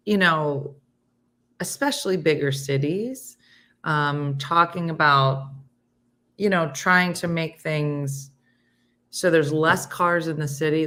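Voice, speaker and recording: A middle-aged woman hosts a relaxed morning chat, her voice sitting low. She talks loosely with fillers and reads viewer comments aloud between her own remarks. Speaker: host.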